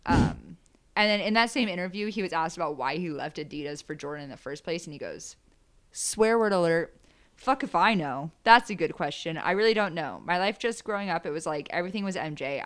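A woman's voice: on the low side, animated, quick pace, a bit bright. A woman hosting a podcast, chatting casually, joking and reading quotes aloud. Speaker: podcast host. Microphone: podcast microphone.

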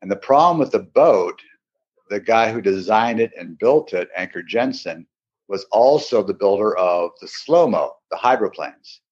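A man with a husky, fairly low voice spins a casual anecdote. He acts out the people in the story as he goes. The recording sounds dull and lo-fi. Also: expressive, normal speed, a little mellow. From Seattle area. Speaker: podcast guest.

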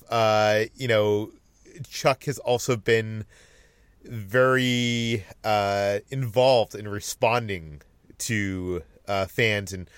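A man hosting a casual film news podcast, relaxed and laughing often, with plenty of fillers. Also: on the low side, clear, resonant tone, no room sound. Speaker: podcast host, editor-in-chief.

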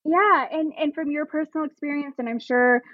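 This podcast guest, a plus-size pregnancy advocate, talks about her cause with earnest emotion, speaking in long stretches full of restarts. Her high voice moves fairly quickly, with no room sound, and the audio is narrow and tinny.

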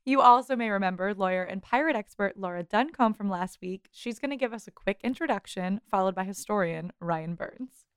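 A woman's voice: mid-range voice, a little fast, smooth, dry recording. A woman co-hosting a podcast in casual chat, with playful, dry humor. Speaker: podcast co-host.

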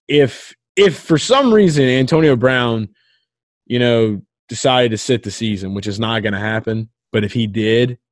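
Rambling low-voiced man, casual sports chat. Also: no room sound, clean studio sound. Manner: rambling, lots of filler words. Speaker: podcast co-host.

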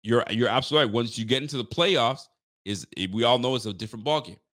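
An excitable man hosts a casual live sports show and talks straight to his viewers. He speaks with emphasis, often restarts his sentences, and keeps his voice at an average pitch. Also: fast talker. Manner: chats directly to live viewers. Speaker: sports fan show host.

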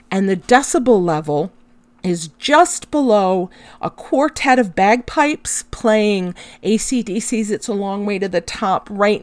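A woman's voice: fairly high pitch, no echo. A middle-aged woman hosting a podcast, telling a personal story in a candid, emotional way and swearing freely. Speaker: podcast host.

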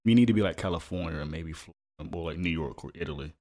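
A man's voice: rumbling low, fast, a little mellow. A man in a casual chat with a friend, laid-back and laughing often, sometimes repeating his words.

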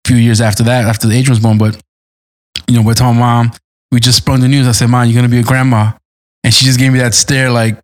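A man telling a family story in casual chat, rambling with lots of "like" and acting out what people said. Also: medium pitch. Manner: rambling, full of "like" and quoted voices.

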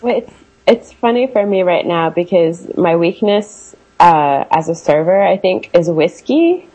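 A woman's voice: lowish voice, animated, a little slow, mellow, breathy edge, rough recording. A woman co-hosting a casual comedy podcast who talks about her work as a server, chatty and laughing often.

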